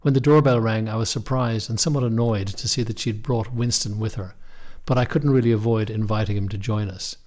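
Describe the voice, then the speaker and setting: A young man narrating a first-person story in a measured, wry way. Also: on the low side, fairly even intonation, a little mellow. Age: young adult. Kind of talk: scripted audiobook narration.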